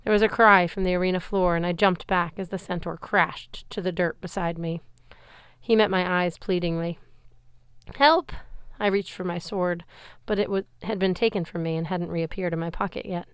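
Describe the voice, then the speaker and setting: A woman's voice: lowish voice, fairly even intonation, fairly quick, clear, resonant tone, dry recording. A woman reading a novel aloud, telling the story expressively in first person. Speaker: reader.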